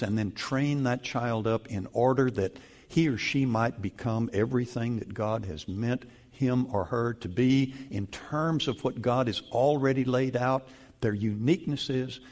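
An older man preaching a sermon, slow and emphatic, with sudden loud stresses on key words. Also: mid-range voice. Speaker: pastor.

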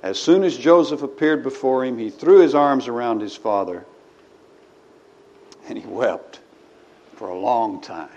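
Unhurried and pausing often, a man with a mid-range, slightly mellow voice preaches in a church. His delivery is folksy, and scripture readings rise in emphasis; the recording sounds slightly dull with faint ambience.

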